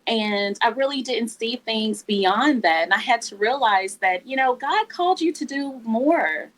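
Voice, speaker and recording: A woman's voice: mid-range voice, rough recording. A woman guest giving a heartfelt personal testimony, emotional and often laughing.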